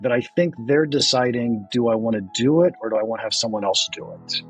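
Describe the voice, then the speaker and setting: A man hosting a podcast in a casual interview chat, self-deprecating and quick to laugh, often repeating words when he gets excited. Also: mid-range voice, slightly rough, faint music behind. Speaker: podcast host.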